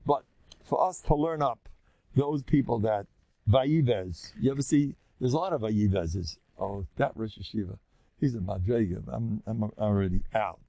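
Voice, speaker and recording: An older man, a rabbi, giving a Torah lecture in an animated way, acting out inner voices and mixing in Hebrew and Yiddish terms. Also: fairly low pitch, normal speed, vocal fry, dry recording. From United States.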